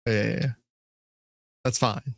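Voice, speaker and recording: A man's voice: unhurried, a bit bright, no room sound. A man co-hosting a podcast in casual chat, throwing in crude, teasing quips. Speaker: podcast co-host.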